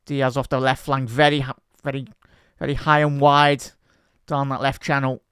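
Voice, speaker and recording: Excitable man commentating live. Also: medium pitch, moderate pace, clean tone, no room sound, studio quality. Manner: excitable, chatty fan commentary, talks to the chat. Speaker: host of a live football watch-along. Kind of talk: live match commentary and chat with viewers.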